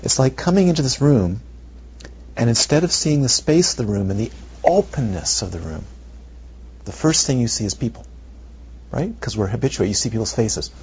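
A male meditation teacher giving a dharma talk, animated and rhetorical, sometimes dropping to near whispers, on a muffled recording. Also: medium pitch. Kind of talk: dharma talk to retreat students. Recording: muffled lo-fi recording with faint noise.

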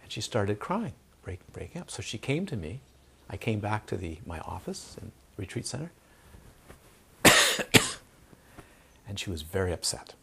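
A man's voice: lowish voice, very animated, unhurried, creaky, pauses often, pushed and bright, husky. A man, a meditation teacher, giving a dharma talk, telling stories with repeated phrases and acted-out quotes. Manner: storytelling with repetitions and acted-out quotes.

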